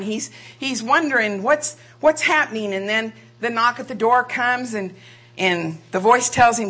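A woman's voice: mid-range voice, moderate pace, a bit bright, slightly rough. A woman preaching a sermon, asking rhetorical questions and drawing out key phrases for emphasis.

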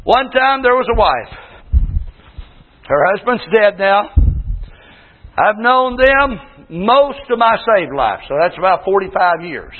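High-voiced older preacher shouting in a hall. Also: male voice, big pitch swings, slow, pauses often. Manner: folksy, preaching with shouted bursts and storytelling. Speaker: pastor. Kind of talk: sermon. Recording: tinny phone-like sound in a long-echo hall.

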